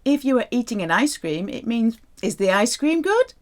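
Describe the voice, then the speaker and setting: Playful, animated woman teaching a language. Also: normal speed. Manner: playful, animated teaching with wide pitch swings. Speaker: French teacher. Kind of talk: language lesson narration.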